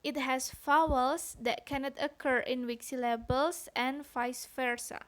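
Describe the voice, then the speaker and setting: A woman with a high voice presents a phonetics lesson. She reads at a slow, unhurried pace and sounds out each example syllable with care. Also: steady tone, fairly bright tone. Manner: careful, deliberate explanation with sounded-out examples. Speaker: student presenter. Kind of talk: read-aloud phonetics lesson.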